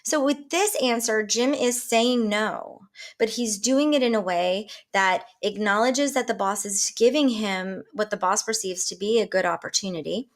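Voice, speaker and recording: A woman giving a coaching talk, lively and conversational, often acting out short example dialogues. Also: mid-range voice, normal speed. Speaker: life coach.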